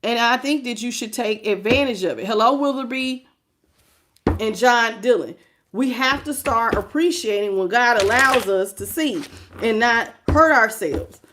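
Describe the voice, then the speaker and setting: A woman giving a live-streamed tarot reading and greeting her viewers, emphatic and preachy, swinging between low murmurs and loud outbursts. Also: a little slow, background noise. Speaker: tarot reader.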